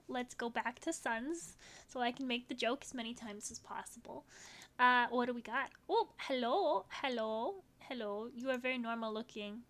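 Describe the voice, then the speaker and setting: A woman with a high, bright voice narrates her game session. She gushes over each virtual pet and slips into squealing baby talk. Her voice sounds a little strained from excitement. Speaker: gaming video creator.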